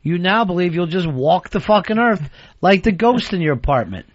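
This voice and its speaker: A man's voice: high voice, animated, moderate pace, no echo, dull audio. A man hosting a radio talk show who rants in a profane, mock-exasperated way.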